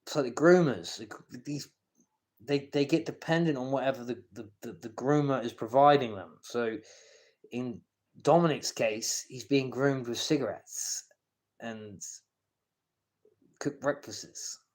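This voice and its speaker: At an average pitch for a man, a speaker rambles through a live-stream rant, tripping over words, repeating himself, and restarting sentences. He gets coarse and confrontational, swearing at people by name, though his pace is measured and his tone a little mellow.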